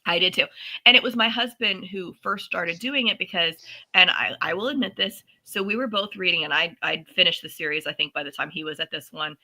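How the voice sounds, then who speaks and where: A woman in her forties co-hosting a casual book podcast, telling stories animatedly and acting out quick asides. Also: lowish voice, poor audio. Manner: animated storytelling with voiced asides. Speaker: podcast co-host. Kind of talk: casual chat.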